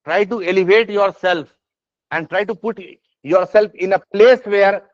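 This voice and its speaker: Lecturing a classroom on exam essays, an Indian English-accented man talks in a high voice, a little slowly, with no room sound. His emphatic style is full of fillers and restarts, and he keeps asking "is this part clear?" and "yes or no?" to make sure students follow. The sound is dry, slightly dull and lo-fi.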